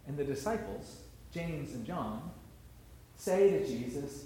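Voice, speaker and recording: A man's voice: a little high, expressive, takes it slowly, mellow, echoey room. A man preaching a sermon, retelling a story and sharing personal reflections in a reflective, storytelling manner.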